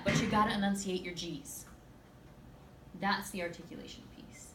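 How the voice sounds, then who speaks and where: Lively woman lecturing in an echoey classroom. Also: mid-range voice, moderate pace, slight background noise. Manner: lively, emphatic, playful asides to students. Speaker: speech teacher. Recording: echoey classroom from far off, faint ambience.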